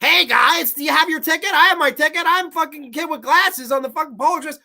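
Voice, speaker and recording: A man mimicking an annoying young boy with glasses, in a high, nasal, mocking whine. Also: fast, creaky, pushed and bright, exaggerated voice.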